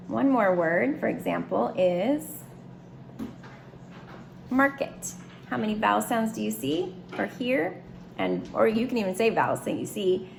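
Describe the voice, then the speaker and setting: A woman's voice: mid-range voice, gravelly, a little hiss or hum. A woman teaching a phonics lesson, writing words and explaining each one step by step in a patient way.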